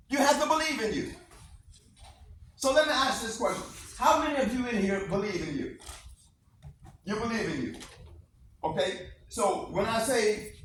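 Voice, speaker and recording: A man with a high, fairly bright voice gives a motivational speech to students in a school classroom, emphatic and repetitive, leading call-and-response. He's a motivational speaker, captured from far off in an echoey room with faint noise.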